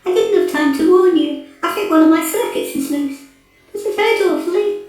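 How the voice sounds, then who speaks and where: A man voicing a giggly, clumsy female robot sweetheart in a falsetto for an audiobook. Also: wildly swooping pitch, normal speed, creaky, exaggerated voice. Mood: chirpy. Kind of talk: audiobook character voice. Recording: echoey room, voice from afar, music behind.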